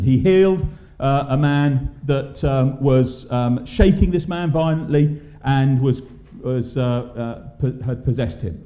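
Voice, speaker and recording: A man's voice: mid-range voice, dark tone. A man leading an interactive Bible study in a church hall, questioning the group with many ums and restarts. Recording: echoey, muffled church hall.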